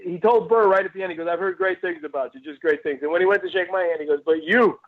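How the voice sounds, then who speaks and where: A comedian from Cleveland tells a long story in a casual chat, laughing along and tripping over his own restarts. His voice sits a little on the high side. It comes through a narrow, phone-like line. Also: quick pace. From Cleveland, Ohio, USA. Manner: rambling anecdotes with frequent laughs and restarts. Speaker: comedian guest.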